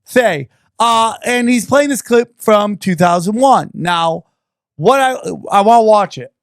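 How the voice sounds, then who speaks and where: A man hosting a podcast, chatting casually in an excitable, crude, riffing way. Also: sits high, a little slow, clean tone, no echo, studio quality. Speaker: podcast host. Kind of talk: casual chat.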